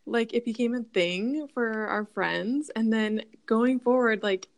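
A woman's voice: a little high, a little slow. Chatty young woman co-host. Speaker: podcast co-host. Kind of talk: casual chat.

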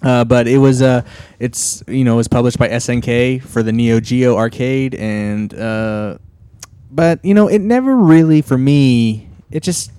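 A man's voice: medium pitch, unhurried, mellow, clean tone, no echo. Rambling podcast guy, dry close mic. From Pacific Northwest, US. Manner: rambling, many fillers and restarts. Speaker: podcast co-host. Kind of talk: casual chat.

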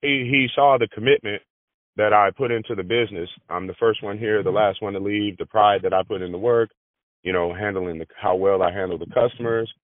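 A man's voice: fairly low pitch, steady tone, a little fast, no echo. Man on a tinny phone line. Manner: repeats words, restarts phrases. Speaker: granite business manager. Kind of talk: interview conversation. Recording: dry, tinny phone-like audio.

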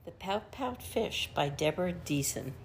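Woman, picture-book read-aloud, slow, low pitch, faint background noise. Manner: slow expressive rhythmic reading. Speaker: guest reader.

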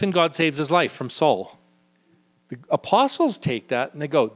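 A man giving a live Bible teaching to a group in a room, lively and acting out the people he quotes. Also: normal speed. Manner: lively, acts out quoted figures with sudden pitch jumps.

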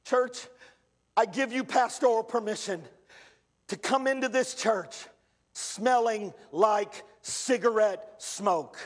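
A male pastor preaching an impassioned sermon in church, rising to shouts and calling out to the congregation. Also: high-pitched, slow pace.

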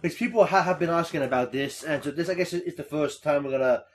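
A young man hosting a casual podcast chat, swearing freely and breaking into loud mocking impressions. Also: on the high side, fast. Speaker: podcast host.

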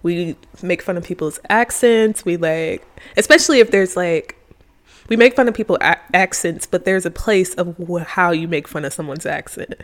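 A woman's voice: fairly low pitch, moderate pace. A young woman co-hosting a podcast, giving opinions casually and hedging as she thinks aloud. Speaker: podcast co-host. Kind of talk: casual chat.

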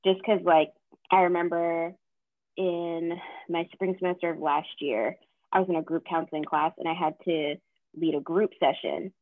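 Brief: woman, 20s, from the Southern US, low-ish voice, chatty podcast co-host, tinny dry recording. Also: moderate pace, no room sound. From American South. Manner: chatty, fillers, lively retelling of quotes. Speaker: counseling graduate student. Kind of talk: casual chat.

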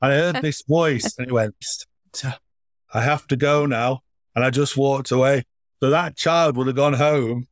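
A man of middle pitch tells stories at an easy pace in a relaxed interview and slips into children's voices as he quotes them. The recording is close and dry, with no room sound at all. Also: moderate pace, no echo. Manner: anecdotal, acts out children's voices in his stories. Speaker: charity foundation chief executive, guest.

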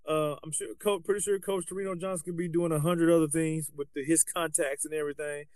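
A man with a fairly high voice co-hosts a casual podcast, talking with loose, animated energy and frequent restarts. The sound is close and dry, with no room behind it. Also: quick pace, clean tone, dry recording. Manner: animated, colloquial, restarts often. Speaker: podcast co-host, basketball coach.

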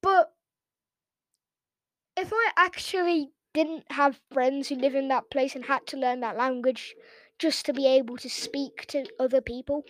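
A woman's voice: sits high, fairly even intonation, no echo. An English woman hosting a reaction video, ranting casually in a sarcastic, mocking way. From England. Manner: sarcastic and mocking, quick rants.

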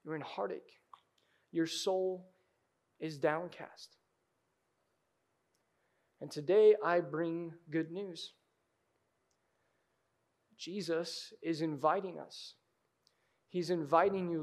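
A man preaching a sermon in a church, moving from hushed, intimate moments to loud, urgent cries. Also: on the high side, fairly even intonation, takes it slowly, pauses often. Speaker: pastor. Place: church sanctuary.

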